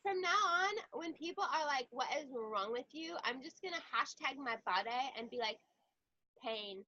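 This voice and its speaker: A woman's voice: high voice, animated, normal speed, sharp tone, lo-fi sound. A woman hosting a casual chat over a video call, joking and rambling about her daily life. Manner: joking, rambling, self-mocking. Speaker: host.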